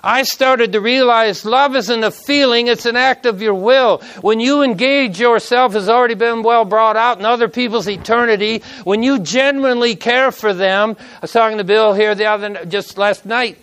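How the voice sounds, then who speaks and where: A man's voice: very high-pitched, normal speed, few pauses, a bit bright, clean tone. A middle-aged man preaching a sermon, telling a personal story with emotion and reading scripture aloud in an earnest way.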